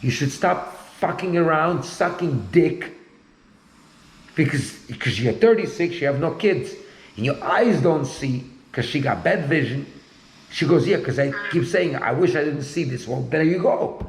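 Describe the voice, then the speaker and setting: A man's voice: on the high side, expressive, unhurried, reverberant, slight background noise, rough recording. A man in casual conversation, talking bluntly and rambling, often repeating himself.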